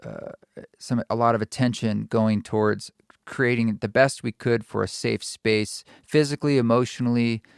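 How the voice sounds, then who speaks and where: A man's voice: medium pitch, steady tone, moderate pace, gravelly, clean tone, no room sound, studio quality. A man, a musician co-hosting, telling a story in casual chat and acting out his own reactions. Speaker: musician and co-host.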